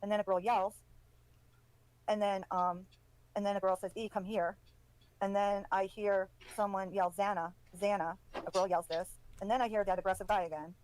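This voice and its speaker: A woman hosting a true-crime commentary, talking in a speculative, conversational and often hushed way. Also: mid-range voice, steady tone, moderate pace, rough recording. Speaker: host.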